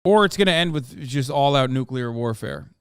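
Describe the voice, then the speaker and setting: A man hosting a live stream, reacting to news clips with animated, profane and mocking commentary. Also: medium pitch, moderate pace, clean tone, no echo, clean studio sound.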